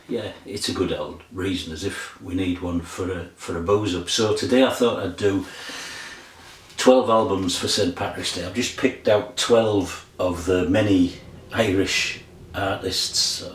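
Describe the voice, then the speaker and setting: An older man with a low, fairly flat voice rambles chattily through his thoughts, full of little fillers and restarts. He sits some way from the mic in an echoey room with faint ambience behind him. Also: measured pace, a little hiss or hum. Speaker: record collector vlogger. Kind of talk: casual chat. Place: room in front of a record collection. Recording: roomy sound from a distant mic.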